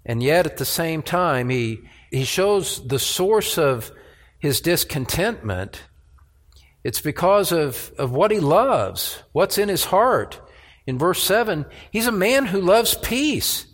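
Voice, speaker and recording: Slow, earnest preaching man in a reverberant hall. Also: lively intonation. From United States. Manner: earnest, measured preaching that rises in pitch when voicing the psalmist. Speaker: pastor. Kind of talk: sermon.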